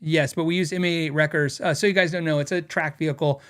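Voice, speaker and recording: A man's voice: on the high side, fairly even intonation, quick pace, fairly bright tone, clear, resonant tone. A middle-aged man hosting a casual podcast, telling stories in a rambling way with lots of fillers as he reads out viewer comments. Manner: rambling storytelling with frequent fillers and laughs. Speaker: podcast host.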